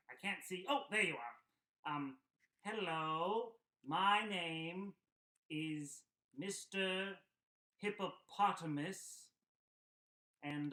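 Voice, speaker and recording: A man's voice: sits high, expressive, sharp tone, roomy sound, exaggerated voice. Mister Hippopotamus, a man doing a shy puppet hippo. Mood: shy friendly. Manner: slow, hesitant, polite.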